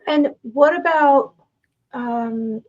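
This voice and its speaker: Female co-host, higher voice, dull muffled recording, questioning. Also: drawn-out words, a little mellow. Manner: asks questions with several options. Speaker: podcast co-host. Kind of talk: interviewing a guest.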